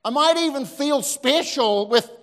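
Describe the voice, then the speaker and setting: A man, preaching a sermon as a pastor, telling lively stories with asides to the congregation. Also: very high-pitched, measured pace. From New Zealand. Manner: animated storytelling with asides to the audience. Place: church hall. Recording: long hall reverb.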